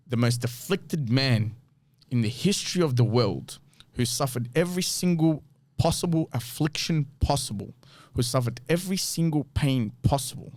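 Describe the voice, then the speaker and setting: A man's voice: mid-range voice, lively intonation, moderate pace, a little mellow, dry recording. Earnest man teaching from scripture. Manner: reads scripture aloud and explains it, earnest with rhetorical questions. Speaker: podcast host. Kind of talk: bible teaching talk.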